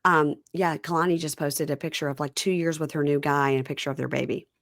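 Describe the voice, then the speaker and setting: Woman host, low-pitched, recaps with lively animation; dry sound. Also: fast, dry recording. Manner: animated storytelling, acting out quotes. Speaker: podcast host. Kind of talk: casual recap chat.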